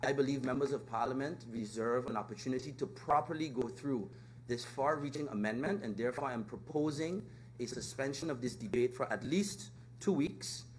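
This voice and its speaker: A male legislator makes a formal proposal in a parliamentary chamber, speaking steadily and stopping often to hesitate. The archive clip carries a faint hum underneath. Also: medium pitch. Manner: measured, formal, with frequent hesitations. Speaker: member of parliament.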